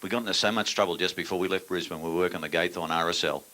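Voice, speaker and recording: A man's voice: low-pitched, steady tone, rapid-fire, sharp tone. Blunt older Australian man telling jokes. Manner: blunt, crude storytelling with dry punchlines. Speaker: stand-up comedian. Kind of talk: stand-up comedy routine. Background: audience laughter.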